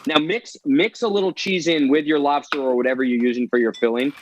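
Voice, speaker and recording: Breezy New Jersey chef. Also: male voice, a little high, fairly even intonation, fairly quick, muffled recording, background noise. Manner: breezy, salesy, self-promoting. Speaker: guest chef. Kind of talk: live cooking demonstration.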